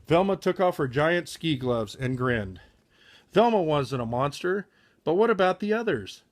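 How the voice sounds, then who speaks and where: Slow, lively man reading a storybook. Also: a little high. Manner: careful, with frequent slips and self-corrections. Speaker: reader of a children's book. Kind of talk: reading a picture book aloud.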